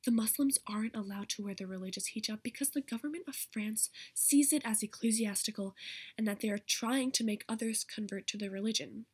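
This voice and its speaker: A woman demonstrating a character voice of a suave, cool, sarcastic young woman who speaks with a deeper, raspy, authoritative tone. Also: a little mellow.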